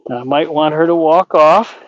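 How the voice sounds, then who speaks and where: A man working as a horse trainer, calmly explaining while talking gently and soothingly to a horse outdoors. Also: on the high side, moderate pace, dull audio, background noise. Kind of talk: training commentary.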